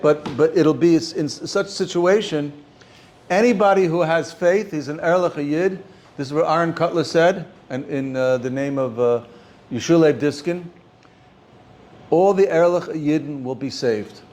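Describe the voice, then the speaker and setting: An older man, teaching an informal class as a rabbi, halting and repeating words as he speaks. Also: fairly high pitch. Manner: halting, repeats words often, animated when stressing points. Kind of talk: informal Torah class talk.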